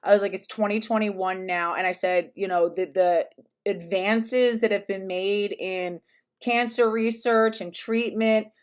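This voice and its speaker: A woman talking in a loose, conversational commentary. She rambles, circles back and restarts her sentences as she thinks aloud, in a voice of ordinary pitch. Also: steady tone, unhurried, smooth. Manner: rambling, with many restarts and fillers. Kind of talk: casual commentary vlog.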